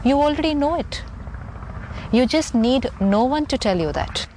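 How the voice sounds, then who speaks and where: Woman, calm spiritual teacher, earnest and repetitive for emphasis, faint hiss behind. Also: sits high, normal speed. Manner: calm, earnest, repeats key phrases for emphasis. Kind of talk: conversational teaching.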